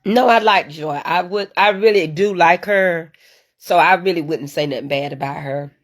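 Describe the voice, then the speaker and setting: A woman hosting a casual live stream, chatting straight to her viewers and answering their comments. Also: low-pitched. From United States. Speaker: livestream host reading viewer comments.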